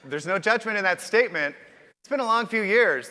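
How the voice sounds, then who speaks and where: A high-voiced man speaks with a bright, forward tone as he hosts a conference keynote. He stays upbeat and keeps turning to the crowd with questions. His voice rings out through a large hall with a long, trailing echo. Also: animated, fairly quick. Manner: upbeat, addresses the audience directly with questions.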